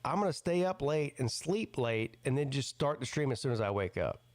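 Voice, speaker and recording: A man's voice: mid-range voice, big pitch swings, brisk. A man hosting a casual livestream chat, tired from staying up all night, telling rambling self-mocking stories. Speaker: livestream host.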